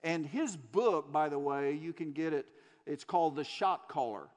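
A man's voice: on the high side, expressive, moderate pace. A man preaching a sermon, telling a story earnestly and driving points home with repetition. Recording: long hall reverb.

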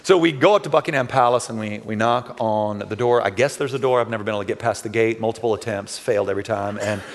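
Conversational preacher in a reverberant hall. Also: male voice, lowish voice, fast. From Texas. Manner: conversational preaching with rhetorical questions and asides. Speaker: pastor. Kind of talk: sermon. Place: large church hall.

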